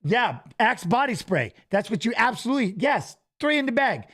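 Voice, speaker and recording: An excitable man chats casually on a live stream, joking and laughing often. His voice sits high and bounces with lively swings in pitch. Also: moderate pace, slightly rough. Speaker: watch-along co-host.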